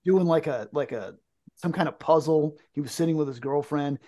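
A man telling a story in casual chat, animated, jokey, acting out the dialogue. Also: on the high side, normal speed.

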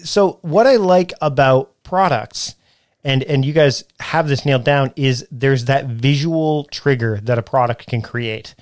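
A man's voice: mid-range voice, measured pace, dry recording, studio quality. A man hosting a podcast interview, talking in a chatty, rambling way with frequent laughs. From Canada. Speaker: podcast host. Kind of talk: casual interview chat.

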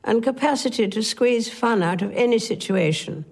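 A woman, giving a slow, measured formal address, heard from an archive clip. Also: on the high side, gravelly, a little mellow, husky. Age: 90s. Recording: archive clip played back.

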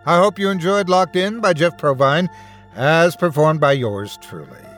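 A man's voice: a little high, moderate pace, soft background music. A man hosting a horror story podcast, giving a scripted narration. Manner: expressive storytelling, warm sign-off.

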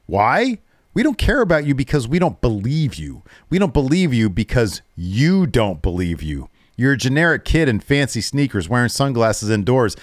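A man's voice: medium pitch, no echo, clean studio sound. A man co-hosting a casual show, animatedly retelling events and acting out what people said. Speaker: podcast co-host. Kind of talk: casual recap of a wrestling show.

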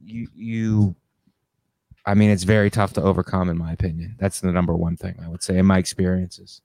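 Low-voiced man, wry casual chat. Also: flat delivery, brisk, a little mellow, no echo.

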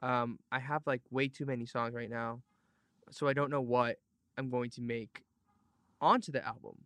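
A man hosts a casual podcast with playful, rambling energy. His voice sits at an ordinary middle pitch and drifts between put-on accents, with loud bursts of enthusiasm. The sound is close and dry, with no room echo. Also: fairly even intonation, moderate pace. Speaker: podcast host. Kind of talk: casual chat.

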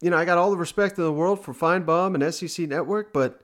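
Laid-back podcast host. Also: male voice, on the high side, fast. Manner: laid-back, thanks listeners. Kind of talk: casual podcast chat.

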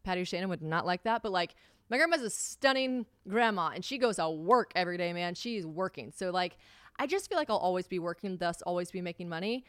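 A young adult woman hosting her own podcast, chatting casually, swearing freely and acting out quoted conversations with big jumps in pitch. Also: lively intonation, brisk, a bit bright, clear, resonant tone, no echo, clean studio sound. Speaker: podcast host. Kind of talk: casual solo podcast chat.

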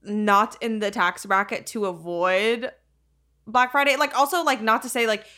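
A young woman co-hosting a podcast, chatting casually with a playful, animated delivery. Her voice sits a little high and comes across bright and forceful. She laughs easily between lines. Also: moderate pace. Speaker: podcast co-host. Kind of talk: casual chat.

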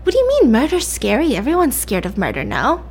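A woman's voice: sits high, wildly swooping pitch, a little fast, darkish tone, slight background noise, full character voice. A woman voicing a young man who taunts someone in a creepy, teasing way. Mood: taunting.

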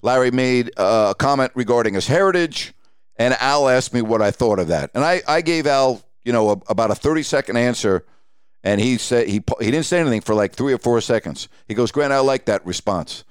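A man's voice: medium pitch, fairly quick, clear, resonant tone, no room sound, clean studio sound. A middle-aged man hosting a podcast, casually telling stories from his sportscasting career and acting out the dialogue. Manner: animated storyteller acting out quoted dialogue. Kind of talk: casual storytelling.

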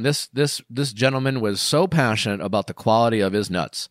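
A man's voice: on the low side, fairly quick, hardly any pauses, no echo, studio quality. A man hosting a podcast, chatting casually and reading ads in a jokey, rambling way. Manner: jokey, rambling, self-interrupting. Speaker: podcast host. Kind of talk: casual chat and ad reads.

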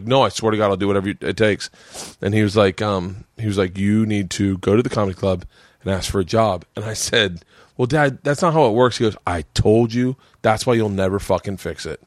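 A man's voice: lowish voice, no room sound, clean studio sound. A man in his forties hosting a podcast, a little tipsy from drinking, telling a long profane story in a rambling, laughing way. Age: 40s. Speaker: podcast host. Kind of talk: casual storytelling chat.

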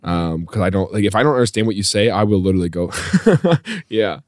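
A man hosting a podcast, telling a funny story in a loose, animated way and laughing often as he goes. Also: low voice, fast, no echo, clean studio sound. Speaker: podcast host. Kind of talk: comedic storytelling.

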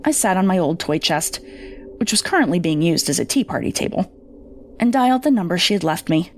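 A woman narrating a first-person horror story in a measured, somber way. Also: on the low side, sing-song, a little hiss or hum.

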